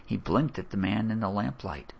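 A man narrating a story in a measured, expressive way, on a dull lo-fi recording. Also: on the low side, creaky, breathy edge. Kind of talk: audiobook narration.

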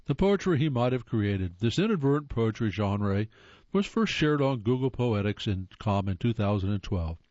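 A man's voice: on the low side, lively intonation, normal speed, darkish tone, no echo, lo-fi sound. A man giving scripted comedic narration with a wry, playful delivery.

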